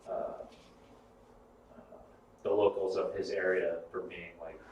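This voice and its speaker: A man's voice: sits low, little pitch movement, a little slow, darkish tone, a little hiss or hum. Rambling man in an echoey room. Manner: rambling, swears freely. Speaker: podcast co-host. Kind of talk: casual chat. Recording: echoey room, mic far off.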